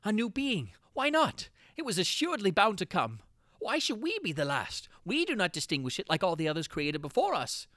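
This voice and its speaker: A man giving a dramatic reading of a horror tale, theatrical, swinging from frantic cries to hushed brooding. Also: high voice, huge pitch swings, normal speed, dry recording, studio quality. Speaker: narrator.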